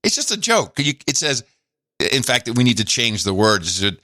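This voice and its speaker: A man's voice: mid-range voice, big pitch swings, fairly quick, pushed and bright, dry recording. A man co-hosting a podcast in casual banter, joking and mocking with frequent laughs, on a close studio mic. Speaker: podcast co-host.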